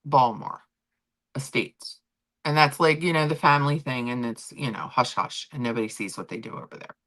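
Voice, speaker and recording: Middle-aged female host, casual rambling stream chat, animated pitch, bright tone. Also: normal speed. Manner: chatty, animated, rambling with restarts. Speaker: livestream host.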